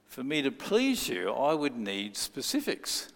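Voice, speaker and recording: Man, preacher, sermon, lively storytelling pitch, reverberant church hall. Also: a little slow, gravelly. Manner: storytelling, acts out quoted voices.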